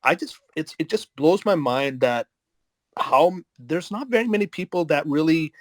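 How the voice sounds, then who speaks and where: Brief: thoughtful male podcaster, a touch high-voiced, dry close recording. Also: animated, moderate pace, no echo. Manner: reflective, gently reframing the other speaker's point. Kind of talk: casual podcast chat.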